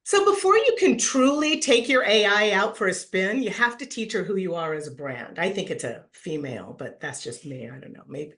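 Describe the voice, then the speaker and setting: A middle-aged woman giving a playful, animated webinar talk on branding, acting out quoted voices and laughing often. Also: mid-range voice, normal speed, few pauses. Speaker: branding speaker at an online summit. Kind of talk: lively webinar presentation.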